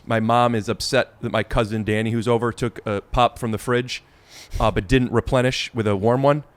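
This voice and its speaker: A man hosting a podcast, talking casually with halting starts and frequent restarts. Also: mid-range voice, fairly even intonation, no room sound. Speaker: podcast host. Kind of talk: casual chat.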